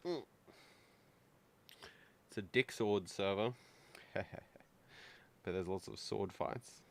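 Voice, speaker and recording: A man's voice: lowish voice, slow, creaky. A man hosting a maker livestream, chatting crudely and joking while he solders at his workbench. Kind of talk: casual streaming chat while soldering. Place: home workbench.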